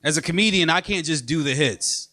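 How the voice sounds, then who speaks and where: A man from Brooklyn, doing a stand-up comedy set on a club stage with punchy, animated delivery. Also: a little high, brisk. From Brooklyn, New York.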